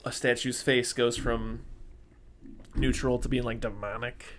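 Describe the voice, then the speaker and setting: A man's voice: medium pitch, flat delivery, unhurried, a bit bright. A man hosting a podcast, chatting casually and rambling about movies with lots of fillers and restarts. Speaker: podcast host.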